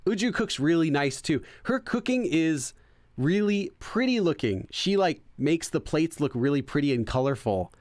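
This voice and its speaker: A man's voice: on the high side, big pitch swings, moderate pace, darkish tone, dry recording, studio quality. Chatty, rambling male game streamer. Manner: rambling and chatty, many fillers and self-corrections. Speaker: let's play host. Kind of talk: casual gameplay chat, translating game text.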